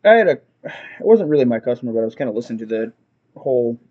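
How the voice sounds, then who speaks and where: A man hosting a podcast, venting about customers in a profane, ranting monologue that swings up into shouting. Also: mid-range voice, very animated, racing, slightly rough, narrow, tinny audio. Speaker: podcast host.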